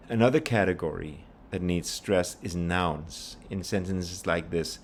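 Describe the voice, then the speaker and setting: A man teaching a pronunciation lesson, patiently explaining and repeating example phrases slowly. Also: low-pitched, slight background noise. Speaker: language teacher.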